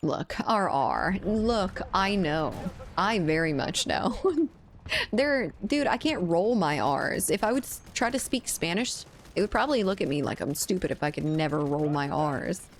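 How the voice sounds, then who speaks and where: A woman's voice: lowish voice, expressive, normal speed. An American woman streaming a game, chatting casually with viewers, laughing often and swearing now and then. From United States. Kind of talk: casual gaming stream chat.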